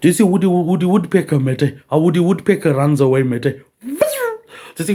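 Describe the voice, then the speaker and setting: A man's voice: fairly high pitch, lively intonation, fairly quick, warm tone. A man rambling on in a loose monologue, swearing freely and tagging almost every line with "mate".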